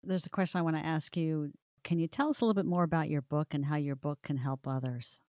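Smooth-voiced woman podcast host. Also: low voice, fast talker, dark tone, no echo, clean studio sound. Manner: affirming, encouraging. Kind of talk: interview questions.

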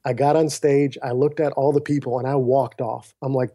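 A man with a mid-range voice speaks at a moderate pace as a podcast guest on a remote call mic. He earnestly recounts a personal story, animatedly acting out the dialogue in quoted lines.

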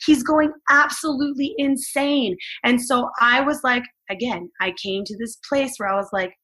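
A young adult woman, a podcast guest, recounting a painful personal story in a halting, emotional way, often repeating herself. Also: medium pitch, fairly bright tone. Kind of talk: personal story told in conversation.

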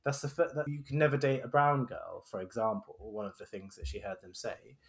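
A man's voice: on the low side, lively intonation, a little fast, gravelly. A man co-hosting a podcast, talking thoughtfully and often restarting his sentences. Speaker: podcast co-host. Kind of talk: casual podcast chat.

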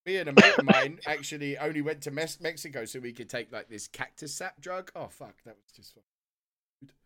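A man's voice: on the high side, fairly quick, bright, forceful tone. A man bantering crudely on a casual podcast, swearing often. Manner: crude, jokey, swears a lot. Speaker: podcast guest.

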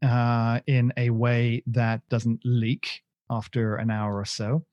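A man's voice: mid-range voice, flat delivery, slow, a little mellow, dry recording, dull audio. A man co-hosting a podcast in casual chat, rambling and joking at his own expense with many restarts. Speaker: podcast co-host.

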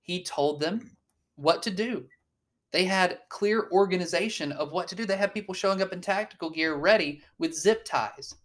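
A man's voice: high voice, moderate pace, a bit bright. Blunt, swearing man in casual chat. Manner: blunt, swears often, frequent fillers and restarts. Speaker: podcast co-host.

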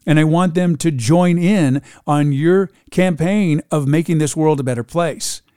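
A man's voice: a little high, a little slow, mellow, smooth, no room sound, clean studio sound. A man hosting a live talk show, praising his guest at length in an effusive way. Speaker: show host.

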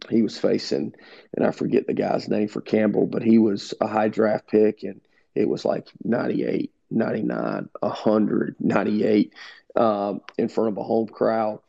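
Gravelly low-voiced man telling coaching stories. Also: normal speed. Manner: animated storyteller who acts out quoted dialogue. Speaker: head baseball coach. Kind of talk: interview storytelling. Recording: dull lo-fi sound.

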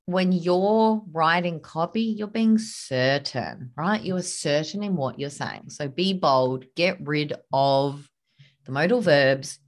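A woman hosting a podcast, coaching listeners on copywriting in a punchy, emphatic, casual way. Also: sits low. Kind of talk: casual teaching monologue.

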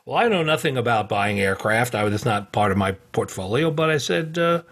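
A middle-aged man, a guest on a podcast, tells his stories in a loose, rambling way. He chuckles often and fills gaps with "uh" and "you know." His voice is husky and sits at a medium pitch. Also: expressive, fairly quick, fairly bright tone. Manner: rambling, many fillers and restarts, chuckles often. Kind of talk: casual anecdotal storytelling.

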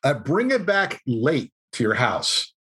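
A man guest on a podcast, telling a story in a casual, animated way and acting out what people said. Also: medium pitch, slow pace, slightly rough. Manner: animated anecdote-telling, acts out quotes. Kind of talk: conversational storytelling.

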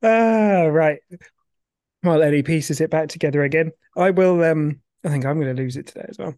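A man's voice: a little high, steady tone, a little fast, darkish tone, no room sound, clean studio sound. A man co-hosting a casual podcast chat, giggly and self-mocking. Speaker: podcast co-host.

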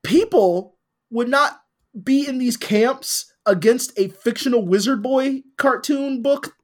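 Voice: sits high, takes it slowly. A podcast co-host chatting casually, blunt and teasing, swearing freely. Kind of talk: casual comedic chat.

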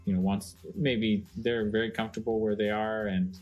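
Relaxed low-voiced man chatting. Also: moderate pace, faint music behind. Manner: relaxed, rambling with many fillers. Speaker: co-host. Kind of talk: casual podcast chat.

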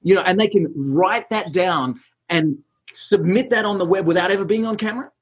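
A man's voice: sits high, fairly quick, husky, dull audio. A man hosting an interview who jumps in with enthusiastic praise and follow-up questions. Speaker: podcast host. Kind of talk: casual interview talk.

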